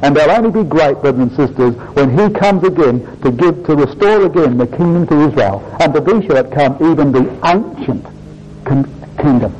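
A male preacher delivering a sermon to his congregation, fervent and rising high when quoting scripture. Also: lively intonation, moderate pace, a little mellow, highs cut off, slight background noise.

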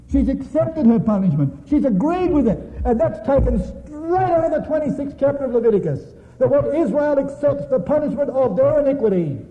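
A man with a high-pitched voice delivers a sermon, pressing each point and repeating it for emphasis. He keeps turning to address the congregation directly. The sound is thin and tinny, like a phone line, with a long reverb from a large hall. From Australia. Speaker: preacher.

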